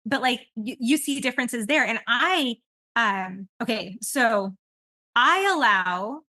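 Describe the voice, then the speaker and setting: A woman hosting a podcast in casual chat, rambling and animated, laughing often as she talks. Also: fairly high pitch, takes it slowly, dry recording. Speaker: podcast host.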